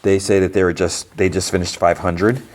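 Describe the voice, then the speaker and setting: The host's voice is deep and his delivery flat, moving at a moderate pace. On his podcast he casually goes over TV episodes, rambling and using "like" as heavy filler.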